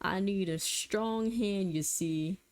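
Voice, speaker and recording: A woman voicing a thin, creepy elderly man with a put-on Southern drawl, slow and wheedling. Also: mid-range voice, a little mellow, a little hiss or hum, natural voice. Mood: leering.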